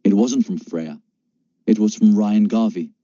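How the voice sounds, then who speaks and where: Dark, husky male audiobook narrator. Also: fairly low pitch, unhurried, dry recording. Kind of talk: scripted first-person narration. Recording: dull lo-fi dry recording.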